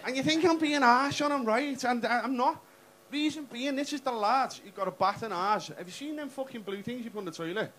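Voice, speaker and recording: Brash sweary comic, high voice. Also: male voice, brisk, a bit bright. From England. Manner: brash, sweary, crowd-teasing. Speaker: stand-up comedian. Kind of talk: stand-up comedy set. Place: comedy club stage. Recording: noisy live club recording. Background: audience laughter.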